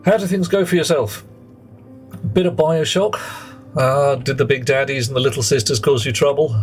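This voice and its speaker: A British man chatting playfully with viewers while live-streaming a game and thinking aloud. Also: medium pitch. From Britain. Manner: chatty and playful, greets chat, muses aloud. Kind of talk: live gameplay commentary.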